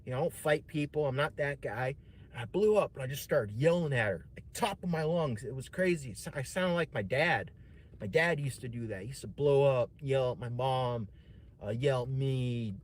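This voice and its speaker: A man's voice: mid-range voice, moderate pace. A man streaming, telling a personal story in a casual, rambling way, swearing often and saying "man" and "dude" a lot.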